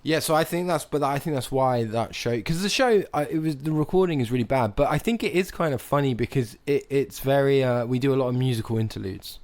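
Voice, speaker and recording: A man's voice: mid-range voice, brisk, hardly any pauses. Rambling male podcast co-host. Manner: rambling, self-deprecating. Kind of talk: casual chat.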